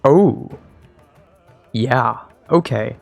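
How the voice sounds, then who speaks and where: A man's voice: medium pitch, very slow, creaky, no echo, faint music behind. A young man streaming a strategy game, rambling casually, mocking himself and talking to his units. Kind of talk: casual gameplay commentary.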